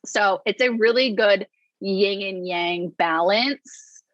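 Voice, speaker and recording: A woman's voice: medium pitch, takes it slowly, fairly bright tone, no echo, lo-fi sound. A woman in a casual business chat, explaining her work in a chatty way, laughing often. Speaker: business integrator, co-host.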